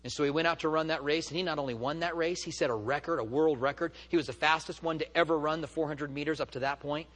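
A man's voice: a little high, fairly bright tone. Man preaching in a reverberant hall. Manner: storytelling, emphatic and rising when stirred. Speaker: teacher of a church study. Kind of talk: sermon.

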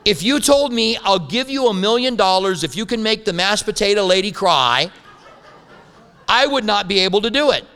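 A man's voice: sits high, expressive, normal speed, pushed and bright. A man preaching a sermon as a pastor, telling stories with humorous asides. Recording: long hall reverb.

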